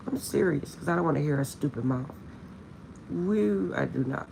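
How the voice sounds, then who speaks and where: A woman's voice: low-pitched, animated, moderate pace, gravelly, slight background noise. A woman vlogger chatting casually to her viewers, telling a funny story with lots of laughter and insisting she is serious.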